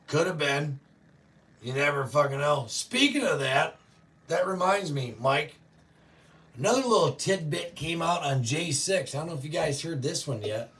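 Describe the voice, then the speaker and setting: A man hosting a show, ranting profanely and yelling often, reacting to live chat. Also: medium pitch, recorded from a distance, slight background noise. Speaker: show host. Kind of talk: political rant to live chat.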